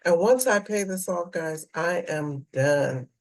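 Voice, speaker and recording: A middle-aged woman vlogging in a casual, earnest way to her viewers, reading out dollar figures slowly and carefully. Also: on the low side, expressive, low-quality recording. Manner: slow, deliberate, earnest, reads figures out carefully. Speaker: personal finance vlogger. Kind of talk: casual talk to camera about debt payoff.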